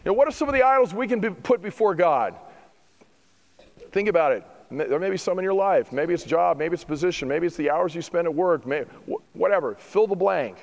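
A middle-aged man preaches a sermon in a fairly high voice, driving home his points with emphatic rhetorical questions. His voice carries a long reverb from a church hall. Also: expressive, a little fast, vocal fry. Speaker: pastor.

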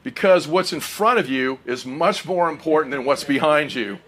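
A man's voice: fairly high pitch, moderate pace, a bit bright. A middle-aged man preaching a sermon, earnest and personal, often asking the congregation questions.

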